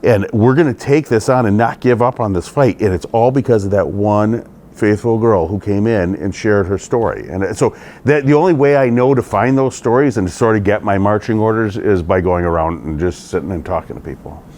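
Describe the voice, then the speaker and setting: A man's voice: on the low side, brisk, darkish tone. A middle-aged man, a state legislator, answering interview questions in an earnest, conversational way.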